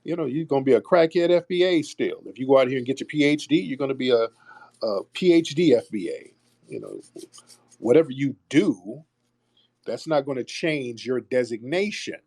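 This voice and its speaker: A man hosting a call-in audio show, arguing forcefully with callers, repeating himself and cutting them off. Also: mid-range voice, expressive, normal speed, no room sound, clean studio sound. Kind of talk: argumentative call-in talk.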